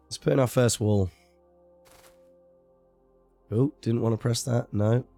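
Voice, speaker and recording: A man's voice: mid-range voice, fairly even intonation, a little slow, vocal fry, dark tone, faint music behind. A man chatting casually and rambling with self-deprecating remarks while streaming a video game. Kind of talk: casual live-stream commentary.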